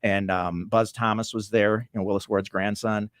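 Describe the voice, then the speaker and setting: A man telling a story as a guest in a casual interview, animated and laughing often, acting out the voices of people he quotes. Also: on the low side, moderate pace, dry recording, clean studio sound. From Michigan, USA. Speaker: film producer-director, guest.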